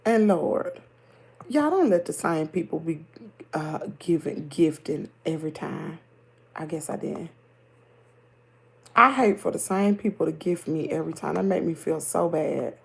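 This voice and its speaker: Gravelly Southern woman chatting on a livestream. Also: low-pitched, moderate pace. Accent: Southern American. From Southern United States. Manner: chatty, animated, laughs easily. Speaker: livestream host. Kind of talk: casual live chat reading comments.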